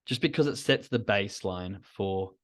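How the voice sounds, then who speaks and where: A man's voice: fairly low pitch, animated, moderate pace. A man hosting his own podcast, talking through ideas in a rambling, reflective solo monologue with asides to himself. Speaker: podcast host.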